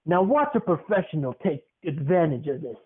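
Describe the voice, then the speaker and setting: Man doing tough old grandma wildlife host, folksy, instructive, high voice, tinny phone-like audio. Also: big pitch swings, moderate pace, breathy edge. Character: tough older grandmother hosting a wildlife show.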